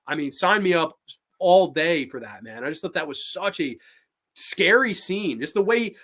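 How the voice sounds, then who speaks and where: A man hosting a podcast, chatting casually and excitably about films, swearing freely and acting out scenes. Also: fairly high pitch, moderate pace. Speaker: podcast host. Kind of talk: casual film chat.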